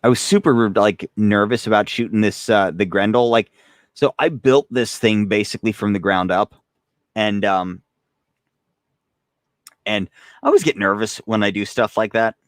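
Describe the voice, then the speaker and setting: Rambling man with a low, dry voice. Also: moderate pace, long pauses, no room sound. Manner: rambling and self-deprecating, reading chat and laughing often. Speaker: gun channel host. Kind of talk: casual live-stream chat.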